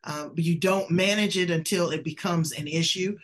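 Woman host, lower voice, effusive, chatty. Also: normal speed, a little hiss or hum. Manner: effusive, conversational. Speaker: show host. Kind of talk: interview chat.

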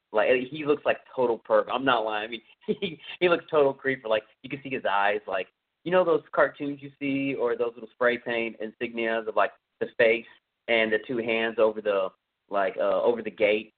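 A man hosting a podcast who retells a film scene in a casual, rambling, enthusiastic way, with many fillers. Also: lowish voice. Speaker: podcast host. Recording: tinny phone-like sound.

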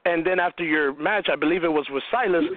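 A fairly high-voiced male host asks his questions in a chatty, loose way, padding them with "uh" and "you know". His voice is dry and thin, as if it comes through a phone line. He keeps the exchange casual. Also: quick pace, no echo. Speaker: radio show host. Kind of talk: casual interview.

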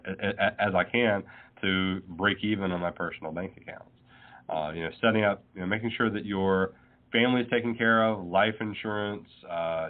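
A man, an accountant guest giving plain-spoken financial advice over a phone call. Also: sits low. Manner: plain-spoken, laughs easily. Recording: tinny phone line.

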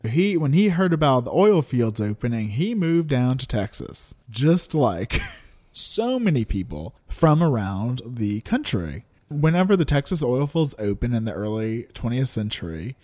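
A man's voice: mid-range voice, very animated, a little slow, warm tone. A man co-hosting a podcast, chatting about folklore, laughing easily and reading from old articles. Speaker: podcast co-host. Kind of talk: casual chat about folklore.

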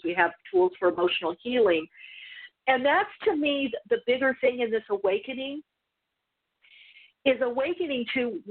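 A woman spiritual teacher telling a story in a casual, rambling way, full of asides and restarts. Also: on the high side. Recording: tinny phone-like line.

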